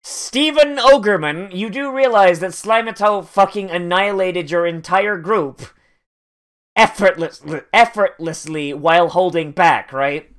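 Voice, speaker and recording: A man's voice: high voice, a little slow, fairly bright tone, smooth. A man giving profane, sarcastic watch-along commentary on an anime, mock-angry and swearing often. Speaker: anime reactor.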